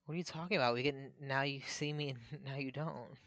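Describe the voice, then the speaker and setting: A man co-hosting a podcast in casual chat, joking in a dry, deadpan way. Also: medium pitch, quick pace, no echo, dull audio. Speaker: podcast co-host.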